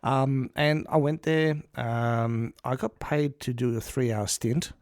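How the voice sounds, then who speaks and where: A man chats casually on a podcast and tells long, rambling stories. His voice is gravelly, with plenty of ums and false starts. The sound is dry and close. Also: mid-range voice, steady tone, slow, a little mellow, no room sound. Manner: rambling storyteller, many ums and restarts. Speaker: podcast co-host. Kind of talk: casual chat.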